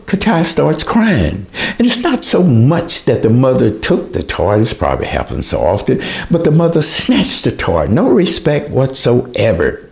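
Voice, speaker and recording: A man giving an earnest, emotional lecture on child development. He often pauses with hesitations. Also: medium pitch.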